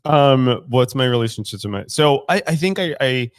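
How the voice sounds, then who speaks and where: A man's voice: mid-range voice, expressive, normal speed, clear, resonant tone, dry recording, clean studio sound. A man talking as guest co-host of a podcast, candid and full of swearing, laughing often as he tells a story. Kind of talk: casual podcast chat. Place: recovery club in a room.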